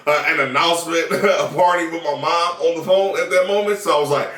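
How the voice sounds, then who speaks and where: A man's voice: on the high side, steady tone, fairly quick, fairly bright tone. A man from the South, telling a story in a casual vlog chat, laughing and swearing freely. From Southern United States. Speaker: vlogger, new father. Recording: echoey room, mic at a distance.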